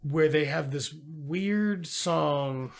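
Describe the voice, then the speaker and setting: A man with a slightly higher-than-usual pitch and a gravelly edge chats through a movie's plot in casual podcast style. He swears freely and acts out bits of dialogue as he goes. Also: extremely slow. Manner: profane, animated retelling of plot with quoted voices. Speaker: podcast co-host. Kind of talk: casual movie review chat.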